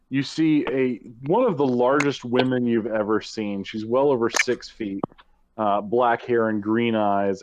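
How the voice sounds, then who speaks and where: A man running an online tabletop game as game master, relaxed and full of fillers. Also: medium pitch, lo-fi sound, background noise.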